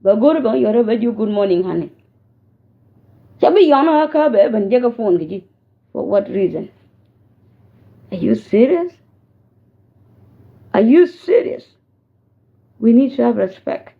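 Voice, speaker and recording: A woman's voice: fairly high pitch, lively intonation, brisk, creaky. Scolding woman on tinny phone audio. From South Sudan. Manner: scolding, warning, code-switching. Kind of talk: direct-to-camera rant.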